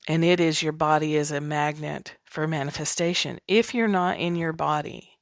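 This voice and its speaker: A woman's voice: deep voice, fairly even intonation, moderate pace, creaky, no room sound, studio quality. A woman from the American South hosting her podcast, talking in a chatty, candid, self-deprecating way. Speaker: podcast host. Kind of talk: casual spiritual monologue.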